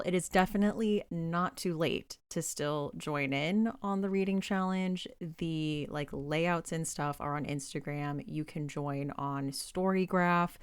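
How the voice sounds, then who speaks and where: A woman hosting a podcast, speaking in a low, easygoing voice. She chats in an upbeat, friendly way. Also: smooth. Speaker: podcast host. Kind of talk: casual chat.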